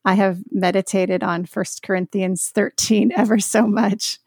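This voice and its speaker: A woman speaking as a podcast guest in a Christian conversation, earnest and heartfelt, with soft laughs. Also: mid-range voice, fairly even intonation, measured pace, slightly rough, dry recording, studio quality.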